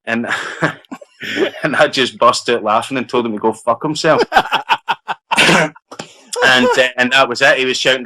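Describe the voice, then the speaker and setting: Actor, bright forceful voice, chatty anecdote teller. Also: male voice, mid-range voice, measured pace, poor audio. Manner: lively, laughs while telling a story. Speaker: actor guest. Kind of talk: anecdotal storytelling.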